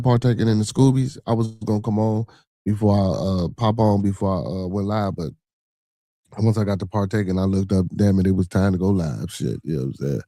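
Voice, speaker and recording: A man chats on his own live stream in a loose, rambling, profane way and talks straight back to the people watching. His voice is mellow and gravelly. The sound is dry and close, with no room echo. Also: fairly low pitch. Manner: profane, rambling, reacts to chat viewers. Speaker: podcast host. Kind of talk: casual livestream chat.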